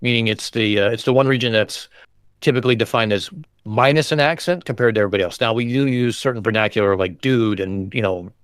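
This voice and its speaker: An American man from the West Coast, with a touch of Boston, hosting a casual chat over a video call in a relaxed, rambling way with plenty of fillers. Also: fairly low pitch, quick pace, smooth, dry recording. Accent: General American, some Boston. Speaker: host.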